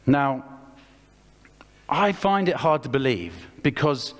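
Man, English accent, preacher, lively storyteller, pitch a bit high, swings up and down a lot, long hall echo. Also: slow. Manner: animated, acts out the characters' voices. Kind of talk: lively storytelling sermon with a child helper acting. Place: church hall.

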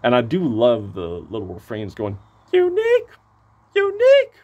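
A man with a hoarse voice giving a casual, excitable album review, gushing and swearing freely. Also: lowish voice, normal speed, dull audio.

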